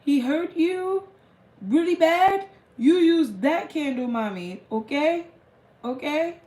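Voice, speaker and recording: A woman's voice: high voice, expressive, takes it slowly, mellow, roomy sound, voice pushed up. A woman voicing an insistent female shopkeeper who warns a customer in broken, repeated phrases. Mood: earnest warning. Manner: earnest, repetitive, broken English.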